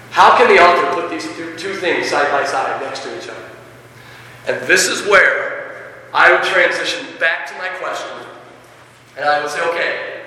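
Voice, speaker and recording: A man demonstrating a lesson for teachers, animated and expressive, questioning his audience and reading passages aloud with feeling. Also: fairly high pitch. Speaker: teacher leading a teacher workshop. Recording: echoey hall, from a distance.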